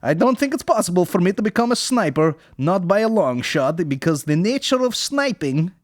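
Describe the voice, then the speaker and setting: A man's voice: high-pitched, very animated, moderate pace, dry recording, studio quality, pitched above the performer's own voice. A man voicing a smug Russian man in a put-on Russian accent, who tells crude jokes and explains them. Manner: explains each joke, loud and pleased.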